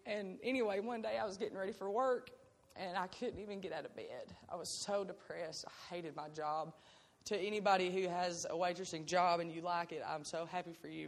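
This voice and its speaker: A woman's voice: on the low side, fairly even intonation, a little fast. A young woman giving an earnest, emotional faith testimony. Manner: earnest and emotional, breaks into laughter. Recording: long hall reverb.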